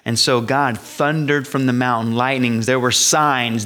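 A middle-aged male pastor preaching a sermon, animated and acting out the voices of the people he describes. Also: mid-range voice, measured pace, hardly any pauses.

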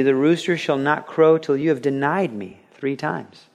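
A man with a somewhat high voice delivers a radio sermon in an earnest, conversational way. He restarts phrases as he talks. He drops to a near hush and then rises into lively storytelling. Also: normal speed, few pauses. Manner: swings between a quiet, intimate tone and lively, raised storytelling. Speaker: pastor.

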